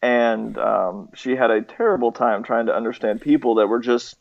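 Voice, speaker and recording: A man's voice: medium pitch, normal speed, creaky. A young man from the southeastern United States, chatting casually and hesitantly with lots of fillers. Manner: hesitant, many fillers and restarts, chuckles often. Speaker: interviewee, nurse. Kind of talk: casual chat. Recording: slightly muffled lo-fi recording.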